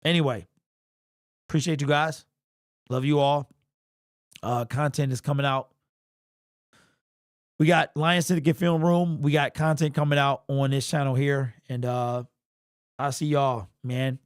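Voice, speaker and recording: Speaking at a measured pace with long pauses, a young livestream host has a clear, resonant, mid-range voice with a level tone. He's casual, emotional and sniffly, rambling in slang with repeats and restarts. The studio-quality audio has no echo.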